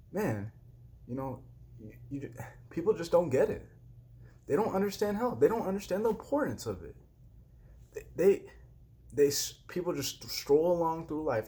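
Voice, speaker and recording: A man's voice: medium pitch, a little mellow. A young man giving a frustrated personal rant in a vlog, heated and repetitive, swearing freely. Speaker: vlogger.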